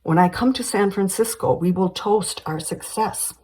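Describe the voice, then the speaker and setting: A woman reading the lines of a polite, fatherly older male doctor in a screenplay, in her own husky voice. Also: mid-range voice, moderate pace, a little mellow, lightly acted, poor audio. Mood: cordial.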